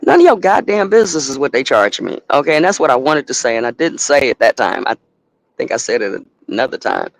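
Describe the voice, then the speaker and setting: A man who owns a trucking company, telling a profane, animated story and acting out both sides of a phone call. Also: medium pitch, fast, creaky, dry recording. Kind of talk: casual storytelling to a live audience.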